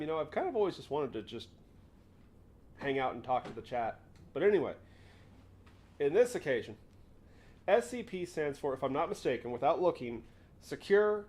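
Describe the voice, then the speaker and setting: Animated, rambling young male livestream host. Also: on the high side. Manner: rambling and animated, interrupts himself. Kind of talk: casual livestream chat.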